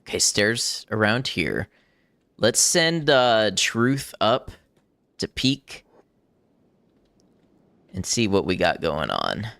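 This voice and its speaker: A man's voice: lowish voice, sing-song, slow pace, gravelly, long pauses, fairly bright tone, dry recording. A man casually commenting on his game as he plays, thinking aloud and chuckling often. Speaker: gaming streamer. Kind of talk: casual let's-play commentary.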